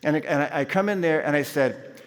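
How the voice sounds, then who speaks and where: A man telling a lively personal story as a chapel speaker, acting out his own shouts along the way. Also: on the high side, a little fast. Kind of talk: storytelling sermon. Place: large university chapel. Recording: long hall reverb.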